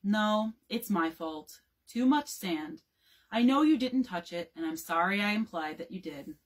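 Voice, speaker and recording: A woman's voice: mid-range voice, animated, measured pace. A woman voicing a confident, showy father of a big family in a read-aloud storybook, with a grand, playful delivery. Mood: deflated.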